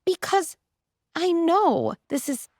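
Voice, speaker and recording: A middle-aged woman, a clinical psychologist, talking in an animated, explanatory way as a podcast guest. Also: very high voice, slow, no room sound, studio quality. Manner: animated, explanatory, frequent "like" and "right?". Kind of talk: conversational interview.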